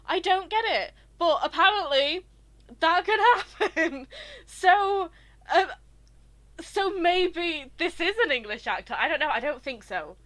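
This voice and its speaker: A woman streaming a video game, chatting in an excitable, rambling way. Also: very high voice, a little slow. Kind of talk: live game commentary.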